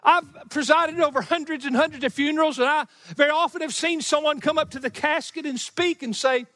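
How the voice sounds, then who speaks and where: High-voiced preacher in a reverberant hall. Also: male voice, bright, forceful tone. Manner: emphatic preaching, slowing for key phrases, chuckling asides. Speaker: pastor. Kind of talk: sermon. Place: church sanctuary.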